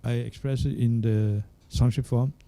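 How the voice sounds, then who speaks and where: Older male monk, dharma talk, extremely dark and warm timbre, measured halting delivery. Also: medium pitch, fairly even intonation. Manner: unhurried, searching for words, checks in with "hmm?" and "yeah?". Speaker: Buddhist monk teacher. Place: Buddhist centre hall.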